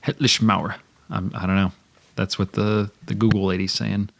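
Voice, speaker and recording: A man with a very low, gravelly voice co-hosts a storytelling podcast. He talks in a relaxed, casual way, often trailing off as he searches for things online while brainstorming a story. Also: normal speed. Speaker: podcast co-host.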